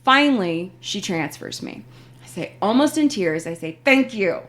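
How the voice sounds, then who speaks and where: Woman host, casual chat, lively pitch, acts out the quoted lines. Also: normal speed. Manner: animated storyteller, acts out quoted phone reps. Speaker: podcast host.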